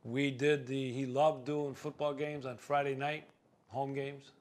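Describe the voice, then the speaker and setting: A man's voice: mid-range voice, level tone, unhurried, darkish tone. A man hosting a local cable talk show, rambling through community sports talk with frequent fillers.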